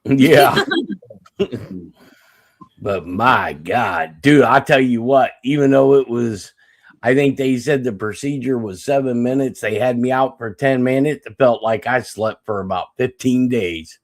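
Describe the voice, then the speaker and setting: A man's voice: mid-range voice, unhurried. A man on a live stream telling a long story, cursing freely and breaking into laughter between lines. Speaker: guest storyteller. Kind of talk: casual live-stream chat.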